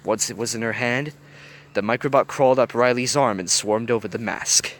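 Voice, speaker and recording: Bright-voiced man reading a story aloud. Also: medium pitch, normal speed, a little hiss or hum. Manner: animated storytelling, varied voices. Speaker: reader. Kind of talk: reading fan fiction aloud.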